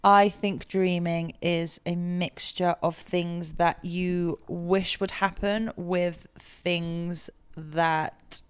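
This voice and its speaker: A young English woman hosting a podcast, chatty and quick to laugh. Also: fairly low pitch, steady tone, clean tone. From England. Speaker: podcast host. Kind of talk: casual chat.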